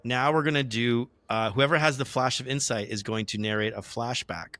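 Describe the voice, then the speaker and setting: A man's voice: medium pitch, steady tone, normal speed, a bit bright, no room sound. A man explaining the rules of a tabletop role-playing game to his one fellow player, in casual chat full of restarts.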